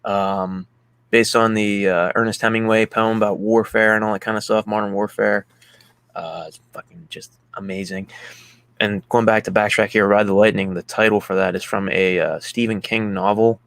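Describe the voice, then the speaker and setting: A man's voice: lowish voice, steady tone, normal speed, a bit bright, clean tone, no room sound. A man hosting a casual music chat, enthusiastic and swearing freely as he talks through an album. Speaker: podcast host.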